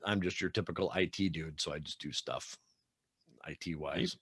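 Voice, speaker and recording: A man's voice: extremely low pitch, normal speed, slightly rough, no echo, clean studio sound. A man hosting a podcast, chatting casually and telling rambling stories with laughs. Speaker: podcast host. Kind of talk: casual chat.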